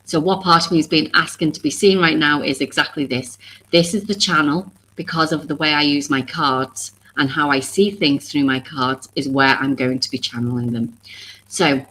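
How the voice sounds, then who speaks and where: A woman with a notably low, deep voice talks to her viewers on a live stream. She rambles earnestly, circles back and restarts her thoughts, and sounds openly vulnerable and emotional. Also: a bit bright, a little hiss or hum, poor audio. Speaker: oracle card reader and live stream host.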